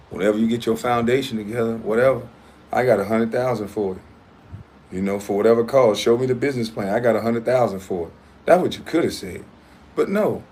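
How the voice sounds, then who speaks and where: A man's voice: medium pitch, a little hiss or hum. A man hosting his own livestream, talking in a casual, blunt and profane way as he confronts a critic. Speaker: livestream host.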